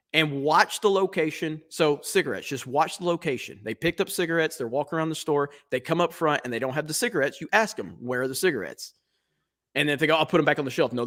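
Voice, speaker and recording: A man's voice: on the high side, fairly bright tone. Profane man telling rambling stories. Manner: profane, rambling storyteller with laughs. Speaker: podcast co-host. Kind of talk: casual chat.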